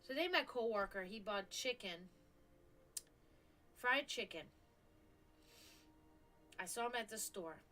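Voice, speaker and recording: A woman's voice: mid-range voice, lively intonation, a little slow, pauses often, sharp tone, faint music behind. A woman hosting a live stream, chatting casually and rambling, with frequent restarts and offhand swearing. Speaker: stream host.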